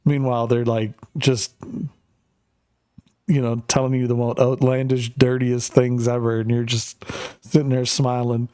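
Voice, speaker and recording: A man's voice: mid-range voice, flat delivery, measured pace, warm tone, smooth, no room sound, clean studio sound. A man from Canada, a gaming streamer chatting casually with viewers in a rambling, profane, joking way. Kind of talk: casual chat while gaming.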